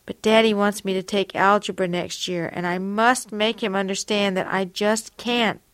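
A woman's voice: mid-range voice, steady tone, moderate pace, fairly bright tone, clean tone, no echo. A woman reading aloud from a personal diary in an earnest, confessional, reflective way.

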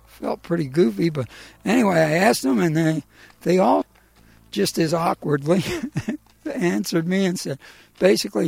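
A middle-aged man telling his own personal story in a halting, emotional way, with many pauses and fillers. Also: high-pitched, animated, creaky, breathy edge, no echo.

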